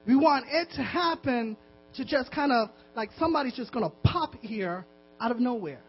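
A man's voice: very high-pitched, animated, moderate pace, faint music behind. A man preaching a sermon as a pastor, exhorting his listeners with insistent repetition. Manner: impassioned, repetitive exhortation with laughs. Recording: dull lo-fi recording with mains hum.

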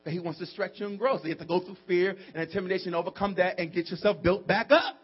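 A man preaching with a high, husky voice, dropping to quiet asides and then rising to shouted outbursts. He acts out friends' voices in little dialogues. The recording is dull and muffled, with mains hum underneath. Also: fast. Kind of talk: sermon.

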